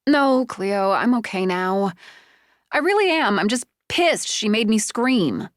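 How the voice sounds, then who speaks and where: A woman narrator voicing a young woman homeowner who swings between fright and fury, breathless and shrill when upset. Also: big pitch swings, slow pace, dry recording, studio quality. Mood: rattled. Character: young woman homeowner, shaken then furious.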